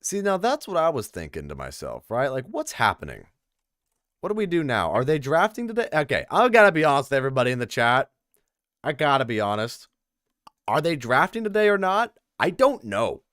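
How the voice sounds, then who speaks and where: This tournament caster, a young man, calls a game tournament casually on stream in a brisk, mid-range voice while chatting with viewers. His manner is lively and chatty, aimed at the chat. The recording is dry and of studio quality.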